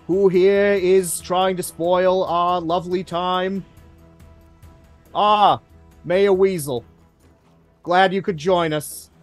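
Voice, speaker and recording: A man voicing a cold, sneering older villain who drawls slowly and smugly, with hesitant pauses. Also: sits high, steady tone, soft background music, pitched above the performer's own voice. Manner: smug, slow, drawling, hesitant.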